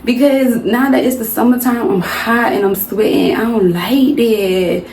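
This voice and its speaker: A young woman with a Southern American accent speaks on the high side, with fairly even intonation, a measured pace, and a darkish tone. She chit-chats with her vlog viewers, calling them y'all, in a roomy home recording with faint background noise.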